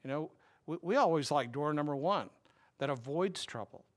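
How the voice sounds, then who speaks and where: A man's voice: a little high, expressive, normal speed. A man preaching a sermon as a pastor, talking in a wry, conversational way and putting questions to his listeners.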